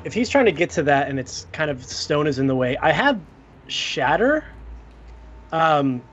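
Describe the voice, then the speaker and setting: A man playing a tabletop game, thinking aloud in halting, restarting phrases. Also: on the high side, sing-song, a bit bright, breathy edge. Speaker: player. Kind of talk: casual tabletop play. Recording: dull lo-fi mic with slight noise.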